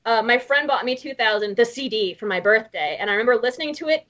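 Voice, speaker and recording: A woman's voice: fairly high pitch, animated, fast talker, a bit bright, dull audio. A woman from the Midwestern US, a podcast guest chatting casually, laughing often and swearing freely. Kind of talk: casual chat.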